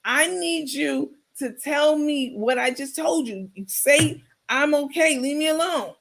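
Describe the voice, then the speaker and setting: A woman's voice: high-pitched, creaky, fairly bright tone, voice pushed up, exaggerated voice. A woman putting on the voice of a bossy, scheming woman who coaches and pushes someone around. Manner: bossy, coaxing, fast-talking.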